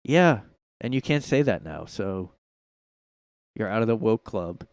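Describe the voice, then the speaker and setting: A man's voice: fairly low pitch, expressive, a little slow, long pauses, a little mellow, smooth, no echo, studio quality. A man hosting a casual solo commentary podcast from his room, talking in a sarcastic, mocking way and laughing at his own jokes. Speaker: podcast host. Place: home room.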